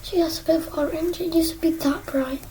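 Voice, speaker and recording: A woman's voice: very high voice, steady tone, fairly quick, warm tone, slight background noise, rough recording. A young woman chatting casually while painting a craft at her desk, rambling and joking at herself, now and then dropping to a whisper, filmed on an iPad. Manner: rambling, self-mocking, drifts into whispers. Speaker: crafting vlogger. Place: indoors at a desk. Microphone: iPad propped on a stool.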